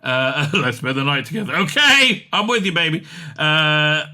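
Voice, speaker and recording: A man giving casual comic commentary on an interview, excitable and rambling, with many fillers and laughs. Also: a little high, normal speed.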